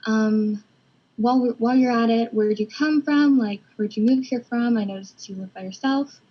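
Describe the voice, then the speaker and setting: A woman voicing a friendly, chatty woman neighbor in a storyboard read-through, higher than her own talk. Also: normal speed, dull audio, close to an everyday voice. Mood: welcoming.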